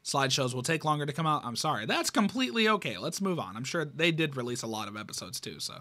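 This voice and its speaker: A man's voice: a little high, sing-song, fast, pushed and bright. A man reading a fan horror comic aloud, reacting with surprise and swearing. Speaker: comic reader.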